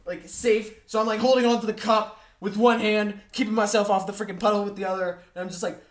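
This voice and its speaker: A woman spinning a funny personal mishap with big, exaggerated delivery. She keeps checking in with her listeners and sprinkles in mild curses. Her voice sits at an ordinary middle pitch for a woman. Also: fast. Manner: animated and exaggerated, with frequent "all right?" check-ins; mild exasperated cursing. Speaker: storyteller. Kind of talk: comedic personal storytelling.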